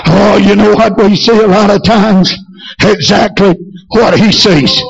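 A male preacher delivers a revival sermon in a church, punching out each phrase with a shouted "hey." His voice sits high and rough with fry. The recording is muffled and lo-fi. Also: measured pace.

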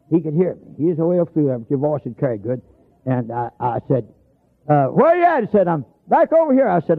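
A man's voice: medium pitch, creaky. A man preaching a sermon, telling folksy stories and stretching out emphatic lines. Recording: tinny lo-fi broadcast sound.

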